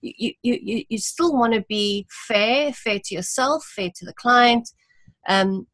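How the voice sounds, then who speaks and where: A woman's voice: on the high side, unhurried, fairly bright tone, no echo. A woman from South Africa with a South African accent, a guest giving frank, earnest advice in casual podcast chat. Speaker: guest, designer.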